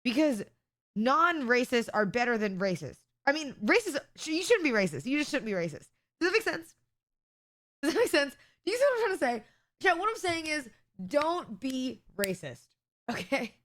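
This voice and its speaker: A woman's voice: sits high, very animated, normal speed, fairly bright tone. A woman streamer chatting casually with her viewers, rambling, sarcastic and often laughing. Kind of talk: casual live-stream chat.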